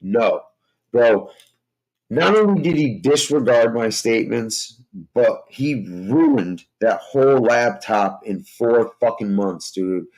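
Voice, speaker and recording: A man's voice: mid-range voice, lively intonation, slow pace, darkish tone, poor audio. A man telling a rambling, profane story in casual chat, full of fillers like "you know" and "like".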